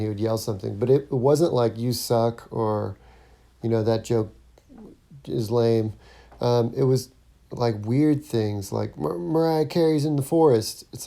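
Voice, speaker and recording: On his own podcast, a stand-up comic delivers a loose, unscripted solo monologue that rambles with ums, fillers and false starts. His mid-range voice is dark and mellow, roughened by a gravelly edge at the bottom.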